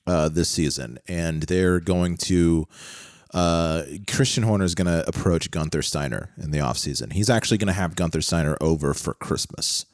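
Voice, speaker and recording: A man co-hosting a podcast in casual chat, excitable and jokey, repeating himself often. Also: low voice, moderate pace, no room sound, clean studio sound. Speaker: podcast co-host.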